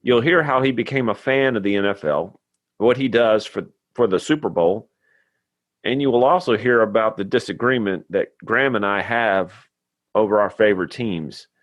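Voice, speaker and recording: A podcast host who speaks in a low register with plain earnestness. The sound is dry and close, with no room in it. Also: male voice, normal speed, no room sound, lo-fi sound. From Tennessee, USA. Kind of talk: scripted intro then casual chat.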